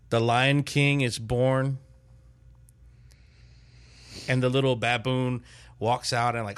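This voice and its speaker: An older man in casual chat, telling a lively family story as podcast host. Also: medium pitch. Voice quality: animated storyteller, loud put-on shouts in quotes.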